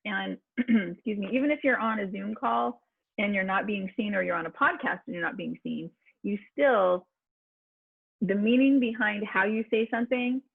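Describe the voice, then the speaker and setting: Over a video call, a voice coach leads an online class on public speaking, her medium-pitched voice husky with vocal fry at a moderate pace. The sound is tinny and dry with no room sound. She's chatty and supportive, stumbling into fillers and restarts.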